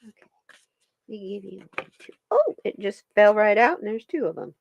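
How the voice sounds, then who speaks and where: A woman's voice: mid-range voice, sing-song, normal speed, vocal fry, breathy edge, no room sound, lo-fi sound. A woman hosting a live stream, chatting casually with viewers and her pets while she pulls stones and cards.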